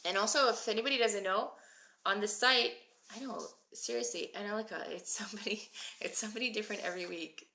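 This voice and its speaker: A woman's voice: mid-range voice, quick pace, vocal fry, pushed and bright. A woman in her thirties teaching a live Hebrew reading class, chatting with viewers and answering them by name. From moved to Israel as an adult. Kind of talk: live-stream lesson, reading viewer comments.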